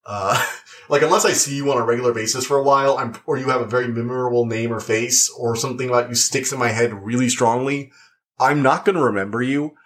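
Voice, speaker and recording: A man's voice: medium pitch, fairly bright tone. Rambling young man reviewing a show. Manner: rambling, full of likes and uhs. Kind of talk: casual review chat.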